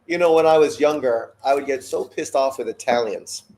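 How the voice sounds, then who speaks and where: A man's voice: mid-range voice, a little fast, darkish tone. A man hosting a live boxing watch-along, ranting bluntly and swearing freely between fight talk. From Canada. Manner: blunt, profane, opinionated rants. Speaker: boxing show host.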